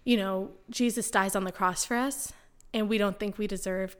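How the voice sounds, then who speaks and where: A woman's voice: mid-range voice, fairly even intonation, normal speed, clean tone. Young woman telling a personal story. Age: young adult. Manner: chatty, full of "like" and acted-out quotes; earnest, speaks openly about faith. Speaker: podcast guest.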